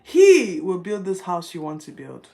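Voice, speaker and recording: A woman voicing God as a majestic male deity, with a slow and solemn delivery. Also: on the low side, a bit bright.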